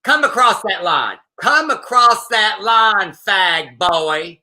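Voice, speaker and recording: A man mimicking a shrill Southern woman jeering. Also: animated, takes it slowly, sharp tone, full character voice, low-quality recording. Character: furious redneck woman screaming insults. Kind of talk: mocking impression in a talk show.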